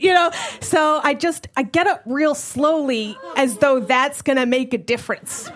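High-voiced woman telling a comic story. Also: measured pace, hardly any pauses. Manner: animated, laughing through the telling. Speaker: guest comedian. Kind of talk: comedic storytelling. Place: live show.

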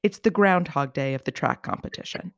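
A podcast co-host chatting casually, wry and animated, exaggerating for comic effect. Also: medium pitch, brisk, no echo, studio quality. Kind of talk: casual chat.

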